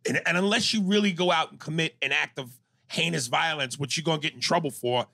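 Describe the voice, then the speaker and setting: Male podcast co-host, gravelly and a bit husky, lively storyteller, dry close mic. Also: a little high, fast, no room sound. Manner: animated storyteller, acts out quotes loudly. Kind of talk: casual podcast discussion.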